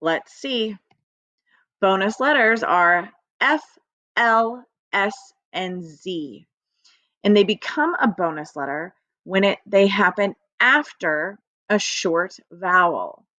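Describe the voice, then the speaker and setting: Slow upbeat woman teaching young children. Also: medium pitch, lively intonation, bright, forceful tone, dry recording, highs cut off. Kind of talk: recorded classroom phonics lesson.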